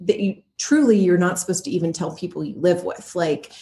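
A middle-aged woman, a voice actor, chatting casually in an interview with frequent laughs and quick asides. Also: lowish voice, dark tone, slight background noise. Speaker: voice and motion capture actor, guest.

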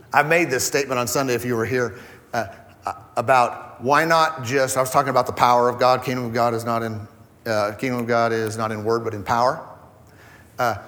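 A man's voice: mid-range voice, fairly bright tone, big-room sound. A man preaching a conversational sermon as pastor, acting out quoted voices as he goes. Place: church hall.

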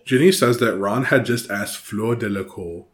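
A man's voice: on the low side, moderate pace. A man co-hosting a podcast, summarizing book chapters in casual chat, earnest with hesitant restarts. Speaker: podcast co-host.

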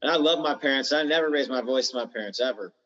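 A man's voice: mid-range voice, fast, a bit bright. Man, candid storytelling, slangy and blunt, long reverb, dull lo-fi sound. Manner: slangy, blunt, swears freely. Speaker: podcast guest in recovery.

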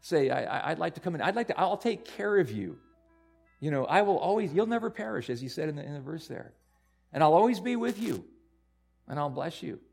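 A man's voice: a little high, sing-song, fairly quick, creaky, slightly rough, faint music behind. Earnest male pastor preaching. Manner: earnest, repeats words, rises to loud emphatic peaks. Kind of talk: sermon.

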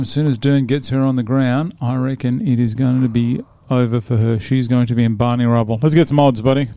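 A man in his forties with a gravelly, mellow voice talks in an easygoing, chatty way. He laughs often. His voice sounds close and dry, with no room echo. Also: medium pitch. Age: 40s. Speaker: podcast host previewing fights. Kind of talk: casual chat.

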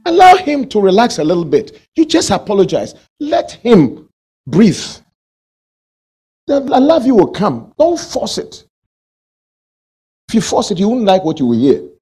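A man's voice: sits high, huge pitch swings, unhurried, long pauses, warm tone, slightly rough. A male pastor preaching a sermon, asking the congregation questions and acting out everyday quarrels.

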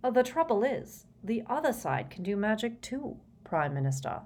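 A woman voicing a weary, kindly older male wizard who speaks gently and ruefully. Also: sits high, sing-song, moderate pace, voice pushed up, full character voice.

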